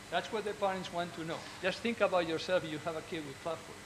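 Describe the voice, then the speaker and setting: Surgeon, male, a bit high in pitch, earnest and encouraging, stops and restarts often, faint noise behind. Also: fairly even intonation, fast talker, few pauses. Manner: earnest and encouraging, with frequent restarts and repeated words. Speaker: orthopedic surgeon. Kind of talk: speaking to fellow doctors.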